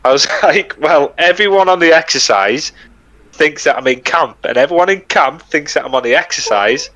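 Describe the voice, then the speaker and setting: A man's voice: fairly high pitch, expressive, normal speed, pushed and bright, lo-fi sound. A young British man co-hosting a podcast, telling army stories in a casual, laughing, swearing way. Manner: laughing, swearing, acts out quoted lines. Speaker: podcast co-host. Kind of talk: casual storytelling chat.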